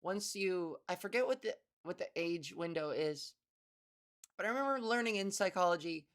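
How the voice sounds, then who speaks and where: A woman's voice: lowish voice, expressive, normal speed. A woman podcast host and comedian doing a rambling, profane solo monologue. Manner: rambling, profane, self-interrupting.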